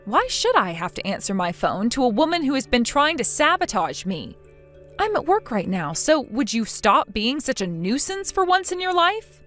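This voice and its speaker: A woman's voice: on the high side, big pitch swings, normal speed, a bit bright, soft background music. A synthetic woman's voice playing a defiant young daughter-in-law in a text-chat story, sarcastic and dismissive.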